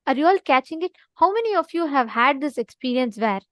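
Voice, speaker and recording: Woman, high voice, dry close sound, earnest spiritual teacher who repeats her points. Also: lively intonation, a little fast, a bit bright, no echo. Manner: earnest, repeats for emphasis, asks listeners to respond. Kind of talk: online teaching session with a story.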